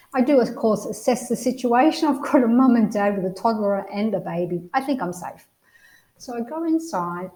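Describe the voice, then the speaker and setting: Australian woman, trainer, animated storyteller, acts out voices, echoey room. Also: mid-range voice. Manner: lively storyteller, acts out the people in her stories. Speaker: real estate trainer. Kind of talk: training talk with personal anecdotes.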